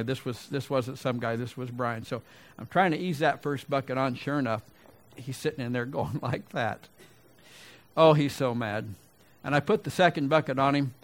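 A man's voice: mid-range voice, normal speed. A middle-aged man preaching a sermon, telling a folksy personal story and then asking rhetorical questions. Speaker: pastor.

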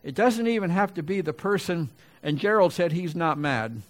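This male pastor's sermon is expressive and moderately paced, rising to loud, emphatic peaks and dropping into quiet, low asides. He often restarts his sentences like someone talking and comments to the congregation.

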